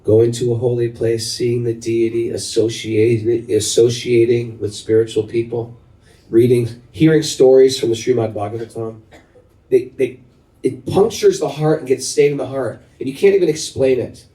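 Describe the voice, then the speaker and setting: A man's voice: mid-range voice, normal speed. A middle-aged man giving a devotional talk to a gathered group as its spiritual teacher. He tells stories with animation and keeps turning questions to his listeners. His voice echoes around the room and comes from a mic set at a distance. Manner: animated storyteller who asks the audience questions. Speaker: spiritual teacher leading kirtan.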